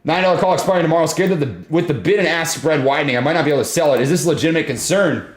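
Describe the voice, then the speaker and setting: A young man hosting a live stock trading stream, giving excited market commentary and repeating himself as prices move. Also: a little high, rapid-fire, reverberant. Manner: hyped, shouts and laughs at price moves, repeats phrases. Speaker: stock trading livestream host. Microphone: desk studio mic.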